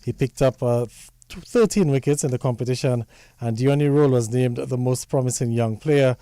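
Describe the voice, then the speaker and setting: Mellow man reading sports news. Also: medium pitch, smooth, no echo. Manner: measured, formal delivery.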